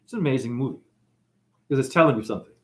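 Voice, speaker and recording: A man giving a freewheeling, jokey spiritual monologue, shouting catchphrases and acting out characters. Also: mid-range voice, lively intonation, rapid-fire. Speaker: spiritual talk host.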